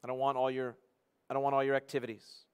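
An earnest male pastor preaches at a middle pitch and a fast clip, his tone clean. His pitch stays completely flat even as his volume surges to loud, emphatic peaks and then sinks to near-hushed tones to drive his points home.

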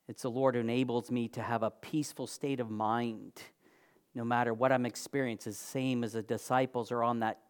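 A man delivering a sermon in an earnest, emphatic way, stacking phrases into lists and lifting his voice for stress. He sometimes pauses with fillers and restarts a phrase. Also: medium pitch. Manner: occasional fillers and restarts, clears throat. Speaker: preacher.

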